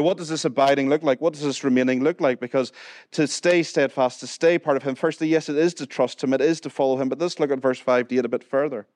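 A man with a medium-pitched, darkish voice, heard with no echo, preaches as pastor in a church hall. His Northern Irish accent carries a conversational sermon in which he asks the congregation questions and occasionally jokes.

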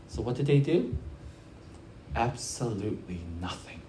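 A pastor preaching a conversational sermon, telling stories in an animated way that swings from quiet to loud, often repeating and restarting phrases. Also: medium pitch, moderate pace, pauses often, echoey room, slight background noise.

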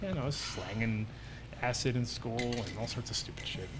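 A man's voice: mid-range voice, brisk, noisy background. A man hosting a show, telling a rambling, profane story and acting out the people in it. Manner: animated, profane, acts out voices in his stories. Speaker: show host. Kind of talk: casual storytelling chat.

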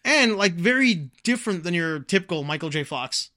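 A man's voice: high voice, animated, moderate pace, pushed and bright. A man in casual, rambling conversation about films, enthusiastic and swearing freely. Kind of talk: casual movie chat.

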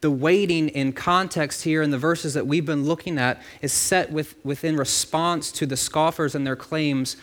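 A man's voice: on the high side, fairly even intonation, moderate pace, few pauses, a bit bright. Conversational man preaching a sermon. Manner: conversational preaching with asides and repeated words. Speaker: pastor.

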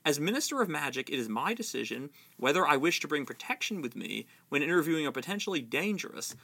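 A man's voice: on the high side, big pitch swings, fast talker, vocal fry, sharp tone, full character voice. A man voicing a blustering middle-aged government minister in a fantasy novel reading.

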